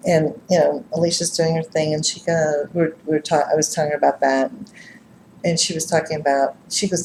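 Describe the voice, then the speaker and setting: A middle-aged woman with a lowish voice tells stories to a live group in a casual, animated way, laughing and acting out what others said. She sounds roomy and echoey, with a faint ambience hum behind her. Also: brisk. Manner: animated, laughs and acts out quotes. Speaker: psychic reader and speaker. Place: live-streamed gathering room.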